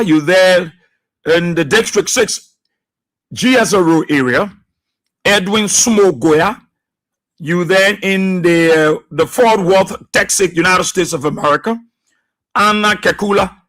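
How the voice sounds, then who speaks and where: A man hosting a live radio show, reading out listeners' names and places in an unhurried way with many pauses. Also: sits high, a bit bright. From Liberia. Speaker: radio host.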